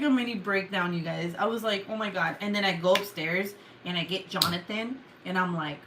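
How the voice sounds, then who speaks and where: Bright-voiced woman telling a casual story. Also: mid-range voice, fairly quick, a little hiss or hum. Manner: swears a lot, animated retelling with loud outbursts. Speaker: vlogger.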